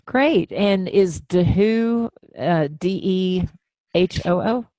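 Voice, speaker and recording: A woman's voice: lowish voice, takes it slowly, no room sound. Affirming woman radio host. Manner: warm, affirming, enthusiastic. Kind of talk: casual interview chat.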